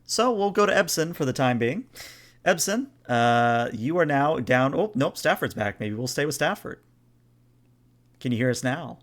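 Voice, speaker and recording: A man narrating as game master over a video call, explaining rules and describing scenes in a relaxed, chatty way. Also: medium pitch, moderate pace.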